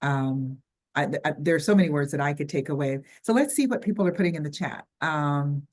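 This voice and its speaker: Older woman, Southern US accent, low pitch, webinar host, chatty and halting with lots of ums, video call. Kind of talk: online workshop wrap-up.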